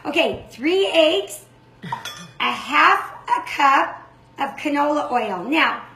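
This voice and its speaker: An older woman hosting a cooking demonstration, chatty and quick to explain each step. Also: sits high, very animated, pushed and bright, reverberant. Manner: chatty, self-described fast talker. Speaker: cooking show host.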